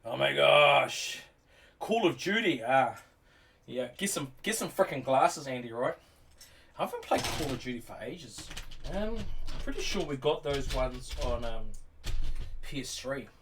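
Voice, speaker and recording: Streaming live indoors at home as rain falls, a man builds while chatting casually with viewers, swearing freely and calling them bro and mate. His mid-range voice is very animated yet measured in pace, and the distant mic picks up faint background noise.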